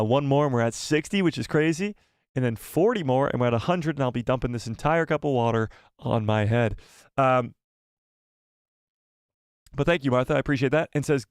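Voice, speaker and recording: Excitable man hosting a live stream. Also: medium pitch, clear, resonant tone, no room sound, studio quality. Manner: excitable, chatty, jumps between topics. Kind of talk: casual live-stream chat with viewers.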